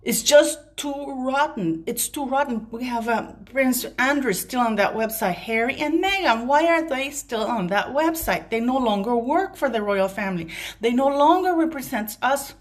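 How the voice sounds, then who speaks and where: A woman's voice: on the high side, animated, normal speed. A woman vlogger delivering an emphatic opinion rant straight to her viewers, breaking off now and then to apologize for ranting. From Commonwealth country.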